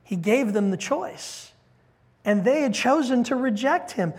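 A preacher giving an expository sermon, talking in an animated way that swings between loud emphasis and hushed quiet, and asking the congregation direct questions. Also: medium pitch, a little slow, slightly rough. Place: church service with a congregation.

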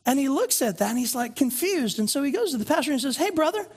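A man's voice: very high voice, sing-song, fast, husky. A male pastor preaching a conversational sermon, telling stories and asking the congregation questions. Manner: conversational, storytelling, rhetorical questions. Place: church sanctuary.

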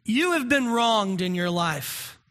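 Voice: medium pitch, lively intonation, takes it slowly, a bit bright. A pastor preaching a sermon in an earnest, conversational way, asking the congregation questions.

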